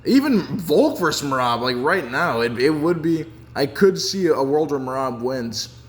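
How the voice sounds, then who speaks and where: Excitable young man rambling about fights. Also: a little high, normal speed, slightly rough. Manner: excitable and rambling, with many restarts and "dude". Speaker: MMA fan reviewing fights. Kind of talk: casual fight reaction commentary.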